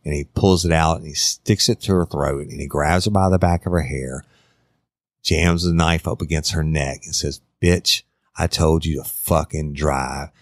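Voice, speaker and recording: A man's voice: a bass voice, fairly even intonation, moderate pace, dry recording, studio quality. A man telling a true crime story in a casual, conversational way, addressing his listeners directly.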